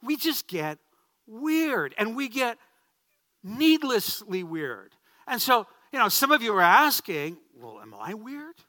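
A man's voice: extremely high pitch, very animated, slow, pushed and bright, no room sound. A man in his fifties, a pastor, preaching a sermon in a storytelling way, with humorous asides and repeated phrases.

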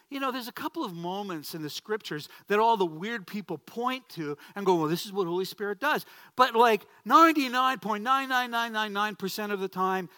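A man's voice: high voice, sharp tone, no echo. A man in his fifties, a pastor, preaching a sermon in a storytelling way, with humorous asides and repeated phrases.

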